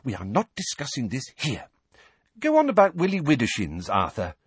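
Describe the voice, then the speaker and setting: A man's voice: mid-range voice, huge pitch swings, normal speed, husky, dry recording, studio quality, voice pushed up, exaggerated voice. A man doing a stern scolding witch mother. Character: stern middle-aged witch mother, protective.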